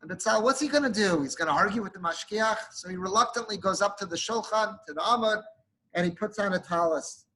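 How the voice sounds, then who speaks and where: A man's voice: sits high, fast, bright, forceful tone, rough recording. A male rabbi giving a sermon, telling an emotive story and sprinkling in Hebrew and Yiddish terms.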